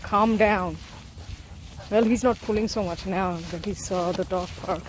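A woman's voice: mid-range voice, steady tone, measured pace. A woman vlogging while dog-sitting, talking to the dog in a coaxing, playful way. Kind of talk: casual vlog talk. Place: outdoors with a dog, near a dog park. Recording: noisy outdoor camera audio.

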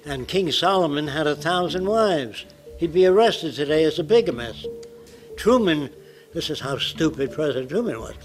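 A man's voice: a little high, expressive, moderate pace, soft background music, poor audio. A man in his nineties giving a public lecture in a blunt, provocative way. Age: 90s.

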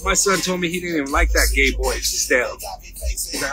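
A man delivers an angry, profanity-laced rant, speaking with a somewhat high voice. His insults come in quick, heated bursts. Loud music plays clearly behind him throughout. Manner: profane, insulting, fast ranting.

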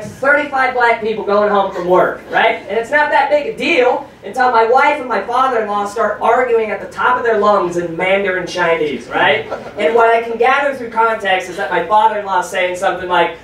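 A man performing a stand-up comedy set on a club stage, animated and profane, shouting his punchlines. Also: extremely high pitch, moderate pace. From United States. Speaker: stand-up comedian hosting a show. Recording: very echoey club audio, from far off.

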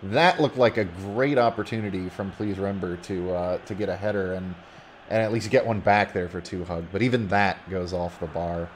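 A man casually commentating a video game football match play by play, getting loud when a goal goes in. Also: sits low, moderate pace, slight background noise. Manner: casual, rising excitedly on goals.

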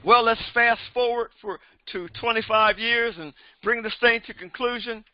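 A man in his seventies, a pastor preaching a sermon with emphatic repetition that rises to shouts. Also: very high voice, steady tone, moderate pace, dry recording. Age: 70s. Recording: dull, dry recording.

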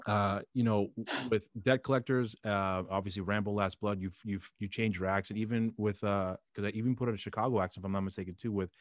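A man's voice: lowish voice, steady tone, a little fast, few pauses, dry recording, studio quality. A man hosting an interview show, asking long questions full of hesitations and restarts, openly a fan. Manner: hesitant, many fillers and restarts, eager fan. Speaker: podcast host.

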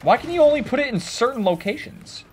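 A man giving joking, excitable commentary over a shooter game, breaking into sudden shouts. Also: very high-pitched, quick pace, breathy edge. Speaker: gaming video creator. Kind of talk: gameplay commentary.

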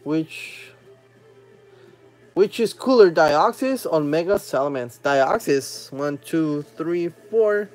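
A man hosting a live stream, opening trading card packs with excited casual commentary, humming while he opens them and chatting with viewers. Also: a little high, slow pace, faint music behind. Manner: chats with viewers and reads their comments aloud.

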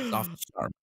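A man's voice: no room sound, clean studio sound. A man co-hosting a sports podcast in casual chat, rambling and joking with wild exaggerations. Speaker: podcast co-host.

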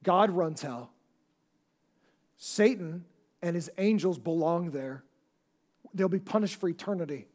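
A man's voice: high voice, a little slow, long pauses, darkish tone. A man preaching a sermon as pastor, talking conversationally with many restarts and asking the congregation questions. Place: church service before a congregation.

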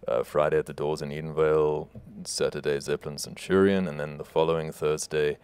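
A South African musician with a South African English accent, chatting in a laid-back, joking way as a radio guest. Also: male voice, rumbling low, little pitch movement, a little fast, darkish tone, clean tone, no room sound. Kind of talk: casual radio interview.

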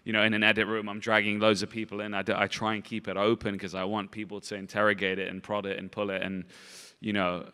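Low, flat-voiced man rambling on stage. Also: smooth. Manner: halting, repeats words, constant "you know" fillers. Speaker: film director and actor, interview guest. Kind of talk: rambling conversational interview answers. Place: festival stage in a large hall. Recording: long reverb of a large hall.

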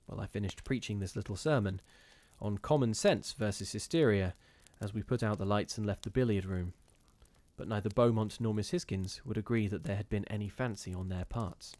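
A man reading a gothic ghost story aloud in a measured, steady storytelling manner with occasional brief restarts. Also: on the low side. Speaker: reader of ghost stories.

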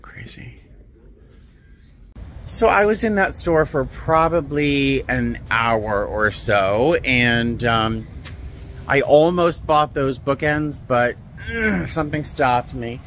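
Slow, gravelly man gushing over antiques. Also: mid-range voice, animated, slight background noise. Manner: gushing, muses aloud, slips into soft near-whispers. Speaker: vlogger. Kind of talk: casual vlog narration while shopping. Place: antique and vintage shops.

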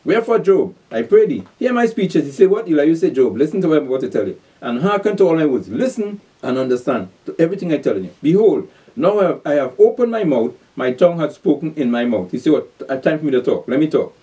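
A man preaches a sermon, reading scripture slowly and then pressing his point with rhetorical questions and short laughs. His voice is mellow and dark, and he sits some distance from the microphone. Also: a little high, very animated. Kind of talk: sermon, Bible reading and exposition. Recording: voice distant from the mic.

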